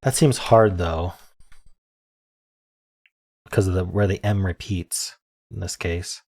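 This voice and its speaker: A man with a fairly low voice talks himself through word puzzles in a soft, meandering way. He hesitates often, trails off into ums, and chuckles quietly at his own guesses. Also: steady tone, slow pace, gravelly, husky. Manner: muttering, hesitant, many ums, self-amused. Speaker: word game streamer. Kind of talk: thinking aloud while solving puzzles.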